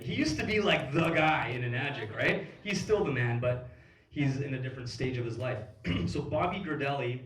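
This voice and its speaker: A man's voice: mid-range voice, a little hiss or hum. A man in his thirties giving a motivational talk on stage at a business event, telling stories casually with lots of fillers and swearing. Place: event hall. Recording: echoey hall recorded from far off.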